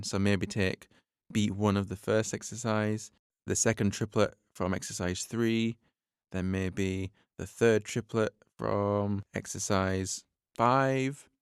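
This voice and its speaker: Male drum teacher hosting his own podcast: low, smooth voice, dry close sound, patient step-by-step delivery. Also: no echo. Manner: patient, step-by-step explaining, counts beats aloud.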